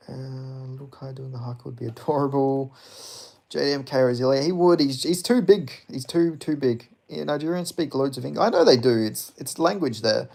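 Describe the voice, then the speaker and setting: The voice is mid-range, creaky, and darkish in tone: a man in his twenties casually rambling to his live-stream audience. He curses, laughs often, and reacts to chat as he reads it.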